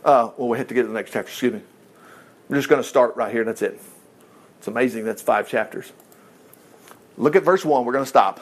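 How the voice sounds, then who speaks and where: A man reading scripture aloud and breaking in with animated, exclamatory asides, teaching a Bible lesson. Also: mid-range voice, fairly quick, pauses often.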